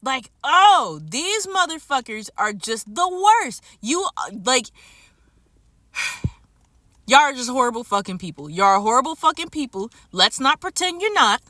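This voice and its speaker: A woman in a furious, unscripted rant with a high, bright voice. She swears heavily and repeats phrases for emphasis. The sound is dry and close, with no room echo. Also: big pitch swings, unhurried. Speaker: streamer and vlogger. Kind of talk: unscripted angry rant to camera.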